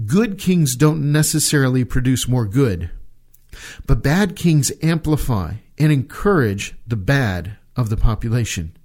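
A man preaching a sermon, from the United States, earnest, repeating words and slowing down to stress key phrases. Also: mid-range voice, darkish tone. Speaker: pastor.

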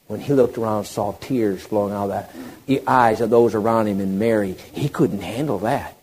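A man preaching a sermon, animated, moving between loud emphatic passages and hushed, quiet ones. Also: fairly low pitch, moderate pace, husky.

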